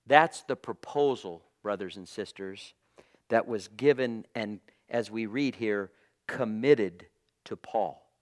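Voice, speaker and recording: A man preaching a fervent sermon, moving between hushed low passages and loud, emphatic proclaiming with repeated phrases and bursts of praise. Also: slow pace. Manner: fervent, punctuated with praise exclamations.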